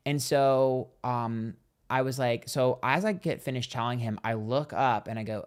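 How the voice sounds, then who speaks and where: With a medium pitch, steady tone and brisk pace, a man hosts a psychic tarot live stream. His casual, gossipy storytelling includes acted-out quotes from others, and he reads viewers' donations aloud to thank them.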